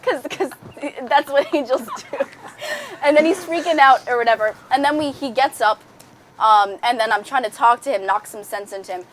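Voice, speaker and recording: A woman's voice: high voice, moderate pace, a little hiss or hum. Giggly young woman telling a story. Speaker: podcast host. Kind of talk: casual chat among friends.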